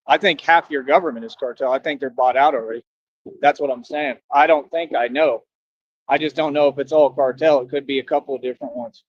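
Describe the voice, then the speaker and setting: A man's voice: fairly high pitch, no room sound, highs cut off. A man livestreaming a casual monologue outdoors by a road, talking in an emphatic, slangy way and repeating himself for stress. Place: outdoors near a road with passing traffic.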